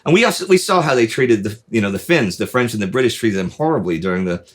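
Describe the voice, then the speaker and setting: A man hosting a relaxed history chat, telling events as a lively story. His voice sits in an ordinary middle register and he keeps tripping over restarts and tossing in asides as the tale builds. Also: mid-range voice, fast. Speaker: host.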